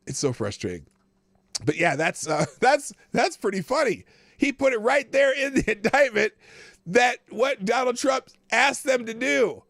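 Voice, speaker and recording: A man hosting a live political commentary show talks in a high, swooping voice. His tone is bright and cutting, and the recording is dry and close. He reads passages aloud and reacts with incredulous, animated remarks. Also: moderate pace, gravelly, dry recording.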